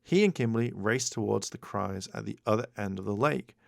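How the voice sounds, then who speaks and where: Gravelly man reading a storybook aloud. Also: fairly low pitch, brisk, dry recording, clean studio sound. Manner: expressive read-aloud narration. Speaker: narrator. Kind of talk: audiobook reading.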